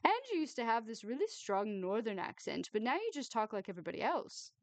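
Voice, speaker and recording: A woman's voice: on the high side, big pitch swings, a little fast, dry recording. A woman voicing a tactless, gossipy woman at a wedding, prying and gushing in a raised, emphatic voice. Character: tactless gossipy woman, early thirties, nosy.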